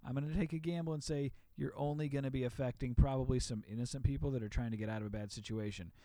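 Podcast guy, hesitant restarts, lots of um and uh, warm voice. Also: medium pitch, fairly even intonation, fast talker, dry recording. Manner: self-deprecating, hesitant restarts with fillers. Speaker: podcast co-host. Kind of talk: casual chat.

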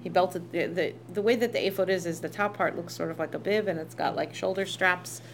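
A woman's voice: on the low side, fairly quick, background noise. A woman teaching a text study in a chatty way, reading verses aloud and translating them with asides. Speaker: Torah teacher.

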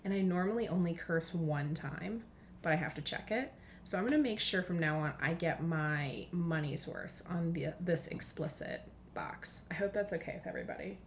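A woman's voice: lowish voice, moderate pace, slight background noise. A young woman hosting a casual podcast monologue from home, chatty, dropping into whispers for asides. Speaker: podcast host.

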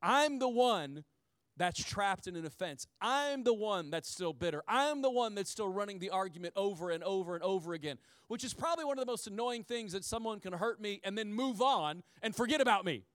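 High-voiced man preaching a lively sermon. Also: a little fast, clean tone, no echo, studio quality. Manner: conversational and animated, with frequent asides to the congregation; repeats key phrases for emphasis. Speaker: pastor.

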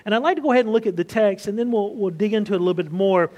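Pastor, thirties, male, fairly high voice, easy conversational sermon delivery with rhetorical questions. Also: rapid-fire, a little mellow, muffled recording.

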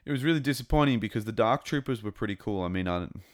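A man giving a casual, rambling and excitable review of a TV episode. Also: lowish voice, racing. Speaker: show reviewer.

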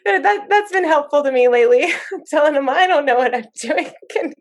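A mother in her thirties, appearing as a podcast guest, tells lively stories in casual conversation, laughing as she acts out her own quotes. Her voice is high and a little fast.

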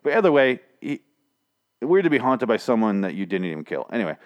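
A man's voice: medium pitch, very animated, brisk, dull audio. A man casually recapping a TV episode, swearing and sarcastic, rambling with lots of restarts. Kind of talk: casual spoken recap and review.

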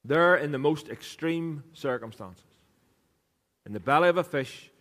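A man's voice: on the high side, expressive, unhurried, a bit bright. A man preaching a sermon on a microphone, conversational and joking, teasing people in the congregation as he talks. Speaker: pastor. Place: church hall. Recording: reverberant hall sound.

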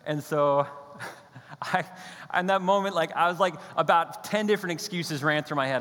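A man's voice: fairly high pitch, moderate pace, a bit bright. A man preaching a sermon as pastor, in a conversational, storytelling manner with playful asides. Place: church hall. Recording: church hall with long reverb.

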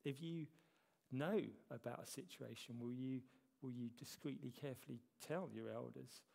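A man gives a sermon in a church hall, his voice gravelly with a touch of fry. He keeps it conversational and pokes fun at himself, and the hall rings with a long reverb. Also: mid-range voice, normal speed, dark tone. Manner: conversational, self-deprecating humor. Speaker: church elder preaching.

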